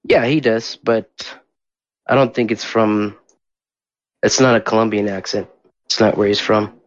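A man's voice: lowish voice, steady tone, a little slow, no room sound. A man hosting a casual group call, easygoing and prompting the others to talk. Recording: dull lo-fi call audio.

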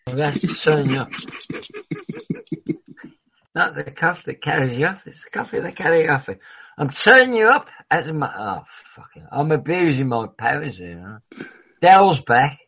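A man's voice: fairly high pitch, sing-song, normal speed, creaky, fairly bright tone, breathy edge. A man hosting a livestream in casual rambling chat, who swears freely and often trails off mid-sentence. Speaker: livestream host. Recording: dull lo-fi recording.

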